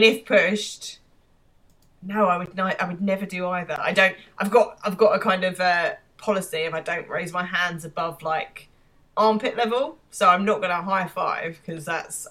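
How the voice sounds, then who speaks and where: A woman's voice: fairly low pitch, steady tone, moderate pace, sharp tone. Dry-humored English woman. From England. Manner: wry, dry complaining. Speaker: podcast co-host. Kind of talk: casual chat.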